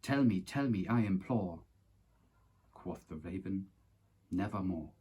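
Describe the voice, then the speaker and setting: A man reciting a long poem from memory with a dramatic, declamatory delivery. His voice is low and a little husky. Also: animated, slow pace, dark tone. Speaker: poetry reciter.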